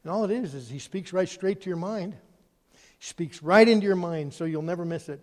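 A man preaching a sermon, animated, swinging between loud emphasis and quiet, hushed asides. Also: high voice, fairly quick. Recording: long hall reverb.

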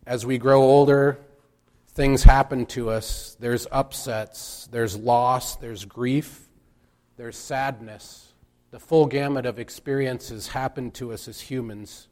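A man preaching a reflective sermon at an unhurried pace. He speaks in measured phrases and stops often to let a point land. His voice sits at an ordinary middle pitch. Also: fairly even intonation, darkish tone. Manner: slow, measured, with pauses for emphasis.

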